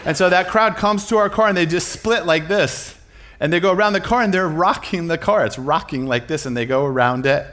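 A man's voice: on the high side, fairly quick, a bit bright. A middle-aged man preaching, telling a family story with self-mocking humor and often breaking into laughter.

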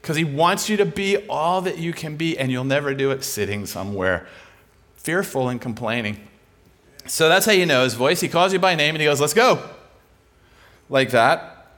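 A man preaching a sermon in a lively, conversational way, acting out the voices he quotes with big swings in pitch and loudness. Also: moderate pace.

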